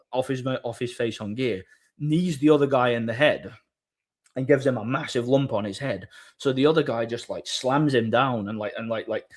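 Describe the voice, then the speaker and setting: A man hosts a live stream in loose, casual chat. He tells his stories in a rambling way, full of restarts, with blunt and crude banter. His voice sits at an ordinary middle pitch. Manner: rambling storyteller, frequent restarts.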